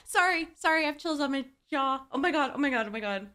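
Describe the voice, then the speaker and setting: Excitable young woman, bright voice. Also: high-pitched, quick pace, few pauses. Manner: excitable, gasping and laughing, swearing. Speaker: reaction video host. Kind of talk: casual reaction commentary.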